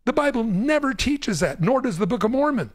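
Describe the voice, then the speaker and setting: A man's voice: very high voice, sing-song, fairly quick, no echo, clean studio sound. A man hosting a call-in Bible show as a pastor, speaking emphatically and repeating words to drive a point home. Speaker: pastor and radio show host. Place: radio studio.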